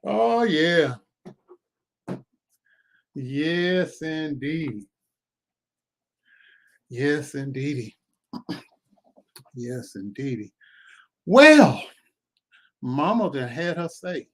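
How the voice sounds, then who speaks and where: A man hosts a live commentary stream, casual and animated, full of churchy exclamations and repeated phrases. His mid-range voice is extremely slow, with long pauses.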